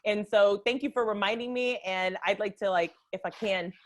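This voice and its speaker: A woman co-hosting a casual live podcast, with a Boston accent, talking in an animated way with frequent laughs and lots of "like" fillers. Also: medium pitch, moderate pace. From United States. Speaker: podcast co-host.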